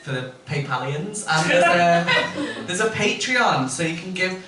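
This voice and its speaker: A man's voice: high-pitched, expressive, a little slow, pushed and bright. A man compering in a comedy club, rambling and jokey with many ums. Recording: echoey club from far off, noisy.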